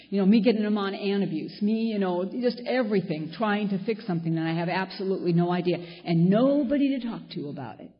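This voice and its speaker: A middle-aged woman sharing her own story at a support meeting, blunt and emphatic, hammering points home by repeating them. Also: medium pitch. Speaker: speaker at a recovery meeting. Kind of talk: personal share at a support meeting. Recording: dull lo-fi recording.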